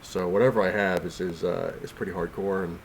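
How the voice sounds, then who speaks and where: Here a comic collector vlogs casually from his couch at home, sick and breathless, rambling about comics with plenty of fillers and restarts. His gravelly voice sits low and keeps a steady tone at a slightly fast pace, with a little hiss or hum audible.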